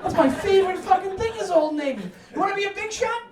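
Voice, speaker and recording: A stand-up comic who swears freely and punches his lines with loud bursts. His voice sits high for a man. He is recorded from a distance in an echoey apartment, with a crowd laughing around him. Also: fast. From United States. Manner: energetic, profane, loud punchy outbursts. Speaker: stand-up comedian. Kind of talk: stand-up comedy set. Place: New York apartment with live audience. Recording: echoey room, mic at distance, audience laughter.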